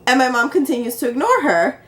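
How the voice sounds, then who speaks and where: A young woman vlogs on a handheld phone and tells an exasperating story. Her voice sits a little high for a woman. She laughs often and acts out the back-and-forth dialogue. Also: very animated, fairly quick. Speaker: vlogger. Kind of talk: casual chat. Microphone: handheld phone camera.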